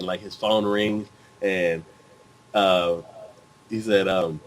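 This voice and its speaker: Speaking a little slowly with frequent pauses, a man with a fairly low voice co-hosts a casual chat, vividly retelling scenes through acted-out dialogue and sound effects. Slight background noise is present.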